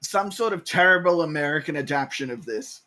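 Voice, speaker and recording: A man's voice: a little high, animated, brisk, sharp tone. A man guest on a movie watch-along, giving rambling, joking commentary in casual chat.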